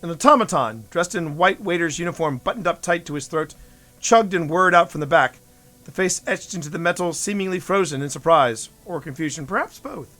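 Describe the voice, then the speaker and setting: A man's voice: fairly high pitch, lively intonation, brisk, bright, forceful tone, soft background music. A man streaming a bedtime story reading, narrating expressively and giving each character a voice.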